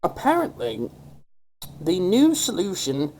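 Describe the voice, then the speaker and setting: A man doing online commentary in a sarcastic, mocking rant. He leans into a put-on accent, rough and gravelly. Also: high voice, wildly swooping pitch, slow pace, a little mellow, low-quality recording. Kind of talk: ranting commentary.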